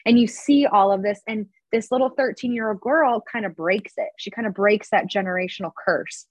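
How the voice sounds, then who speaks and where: Husky woman telling a candid personal story. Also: mid-range voice, normal speed, dry recording, lo-fi sound. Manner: open, confessional, conversational. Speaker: podcast guest.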